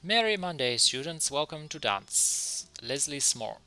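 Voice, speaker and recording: A man's voice: fairly high pitch, very animated, a little slow, bright, forceful tone, full character voice. A man doing a chirpy dance teacher.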